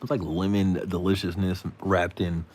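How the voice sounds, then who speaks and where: A man's voice: low voice, flat delivery, normal speed, a little mellow, a little hiss or hum. A man hosting a live stream, telling a rambling story in slangy casual talk, sounding tired. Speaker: livestream host.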